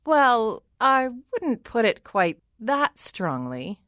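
A woman's voice: a little high, big pitch swings, drawn-out words, fairly bright tone, dry recording, studio quality, pitched above the performer's own voice, full character voice. A woman doing a sugary, wheedling queen mother. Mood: evasive. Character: fretful doting middle-aged queen mother.

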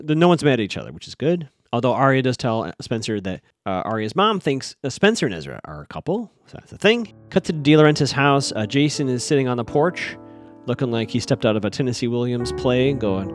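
A man's voice: medium pitch, very animated, brisk, soft background music. A man hosting a podcast, casually recapping a TV episode, thinking aloud with plenty of fillers and restarts.

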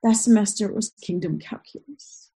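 Husky-voiced woman telling a heartfelt story. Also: mid-range voice, normal speed, warm tone, rough recording. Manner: earnest, emotional, with restarts and vivid retellings.

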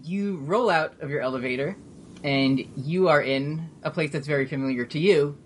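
A man's voice: fairly high pitch, normal speed, slight background noise. A man narrating a tabletop game as game master, laid-back and joking. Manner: laid-back, swearing, laughs at himself.

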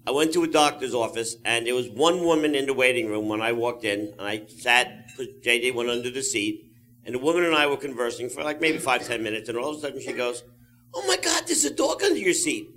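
A man tells an animated anecdote, acting out the lines he quotes. His voice sits mid-range and sounds bright and clear. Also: mid-range voice, fast. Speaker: guest storyteller. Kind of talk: casual storytelling.

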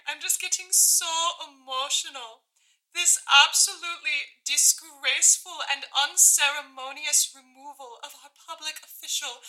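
A woman's voice: sits high, bright, forceful tone, exaggerated voice, poor audio. A woman doing a gushing, overemotional mountain caller. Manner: effusive, emotional, melodramatic. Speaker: caller leaving a voicemail. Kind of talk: improvised comedy character acting.

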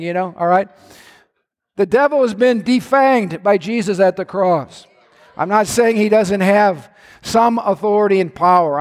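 A man preaching a sermon to his congregation, telling lively stories with playful asides. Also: sits high, in a large hall. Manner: animated storytelling with playful asides. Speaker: pastor. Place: church sanctuary.

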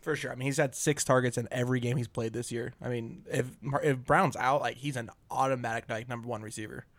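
A man co-hosting a fantasy football podcast, easygoing and quick to agree with the others. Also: mid-range voice, fairly even intonation, fairly bright tone, no room sound. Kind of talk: casual podcast chat.

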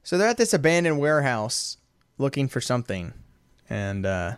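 A man's voice: mid-range voice, very animated, normal speed, smooth, no echo, clean studio sound. A man co-hosting a casual podcast, laughing often as he retells cartoon scenes. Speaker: podcast co-host. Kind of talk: casual chat.

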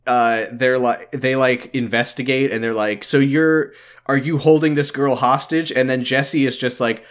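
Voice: mid-range voice, steady tone, normal speed. Podcast co-host narrating plot casually. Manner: narrates plot, acting out characters' lines. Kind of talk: casual recap chat.

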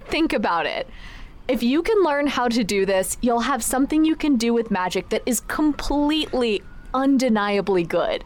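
A woman's voice: a little high, lively intonation, normal speed, close to an everyday voice. A woman voicing a bold, reckless young woman in an audio drama, talking in a coaxing, confident way.

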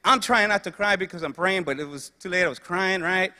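Male preacher, earnest and repetitive, forceful bright tone, long hall reverb. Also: high-pitched, fairly quick. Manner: earnest storytelling with repeated phrases. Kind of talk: sermon.

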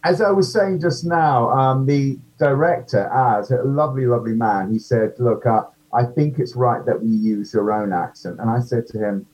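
Recorded in dull lo-fi audio, a British actor being interviewed tells stories casually, acting out other people's quotes. His mid-range voice is somewhat dark, moving at a moderate pace with hardly any pauses.

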